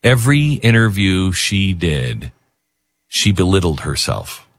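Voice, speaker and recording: A man's voice: deep voice, big pitch swings, slow pace. A man hosting a talk show, speaking emotionally and rambling, with many restarts. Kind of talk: casual talk radio commentary.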